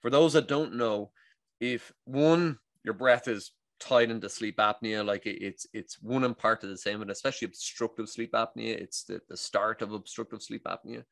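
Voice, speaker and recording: Irish guy talking breathwork, animated, acts out the quotes, dry close sound. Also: on the low side, normal speed, vocal fry, dry recording. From Ireland. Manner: animated, acts out quoted dialogue, frequent restarts. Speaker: guest, breath coach. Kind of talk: casual interview storytelling.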